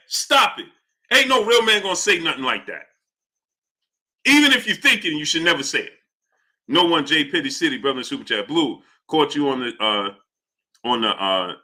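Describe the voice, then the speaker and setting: A man hosting a casual livestream, reading viewer chats aloud and ranting heatedly, dropping to low mutters and then rising to loud outbursts. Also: very animated, moderate pace. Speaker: livestream host.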